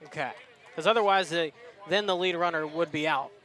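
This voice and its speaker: A man's voice: a little high, a little fast, fairly bright tone, a faint crowd. Analytical male color commentator. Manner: analytical, coaching tone, laughs easily. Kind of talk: live sports commentary.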